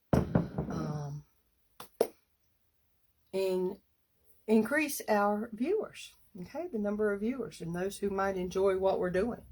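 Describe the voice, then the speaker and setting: Lady doing a live craft demo, takes her time, chatty, clears her throat a lot. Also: medium pitch, a little mellow. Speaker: craft demonstrator hosting a live stream.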